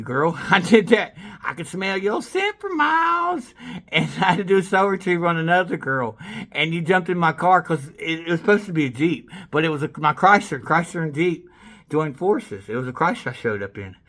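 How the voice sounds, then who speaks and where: A man's voice: on the high side, expressive, a little fast, a bit bright. A man in a rambling self-filmed monologue, boastful, swearing freely and breaking into laughter between phrases.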